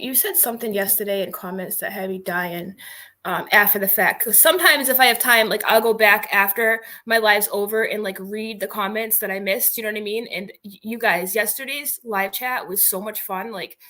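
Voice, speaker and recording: A woman's voice: medium pitch, moderate pace, sharp tone. A woman hosting a casual livestream, chatty and rambling, with lots of "like" and greetings to viewers. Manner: chatty, rambling, giggly, heavy on "like". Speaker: livestream host.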